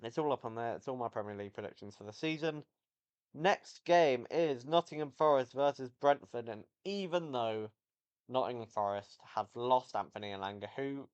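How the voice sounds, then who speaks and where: A man's voice: mid-range voice, clear, resonant tone, lo-fi sound. A man giving a casual, rambling football match review, often correcting himself as he goes. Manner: rambling, self-correcting, enthusiastic. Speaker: football vlogger.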